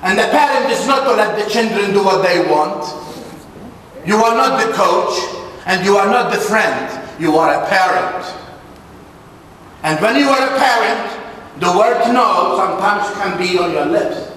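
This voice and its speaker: High-voiced priest preaching in an echoey church. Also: male voice, expressive, measured pace, fairly bright tone, slight background noise. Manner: emphatic, preaching with dramatic drops and rises. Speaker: Catholic priest. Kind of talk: sermon. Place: large church. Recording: echoey church hall from far off.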